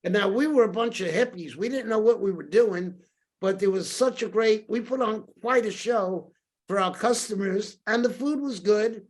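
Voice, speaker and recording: The older man, from New York, has a voice that sits high and a moderate pace. Appearing as a guest on a podcast, he relates anecdotes in a casual storytelling interview and acts out the dialogue.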